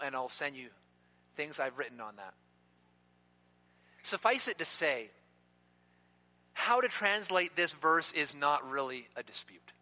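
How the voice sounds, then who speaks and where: A man preaching a sermon in an emphatic way, slowing down to stress key words. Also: a little high, bright, forceful tone. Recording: long reverb of a hall.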